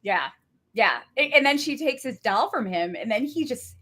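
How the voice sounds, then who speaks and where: A woman's voice: a little high, expressive, normal speed, pushed and bright. A woman co-hosting a podcast, retelling TV scenes in detail with frequent laughs and a few stumbles. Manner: narrates plot in detail, laughs often, hesitant restarts. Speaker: podcast co-host. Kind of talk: casual TV recap chat.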